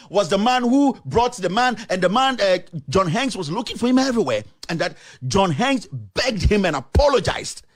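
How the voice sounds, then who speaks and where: A man hosting his own show, giving emphatic, repetitive commentary and mixing English with local phrases. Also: sits high. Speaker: journalist and show host.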